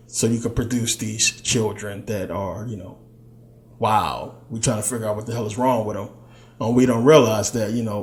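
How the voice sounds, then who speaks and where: Low-voiced man giving a casual spiritual talk. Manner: loose, conversational, many fillers, slips into quoted voices. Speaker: spiritual teacher.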